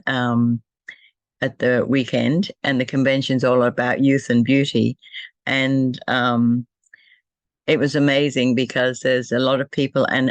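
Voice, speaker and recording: An older woman, an energy healer, gently talking through a self-healing demonstration and softly repeating affirmations and thank-yous. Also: rumbling low, no room sound.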